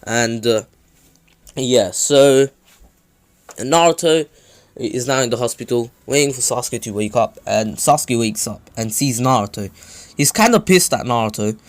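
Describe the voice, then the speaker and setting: A man's voice: mid-range voice, normal speed. A man casually recapping a fan-made story, rambling with many fillers and self-corrections.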